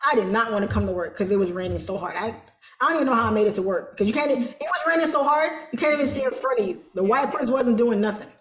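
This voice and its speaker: A woman telling a story as an interview guest, animated and colloquial, acting out quoted voices. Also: a little high, rapid-fire, roomy sound. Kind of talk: casual storytelling.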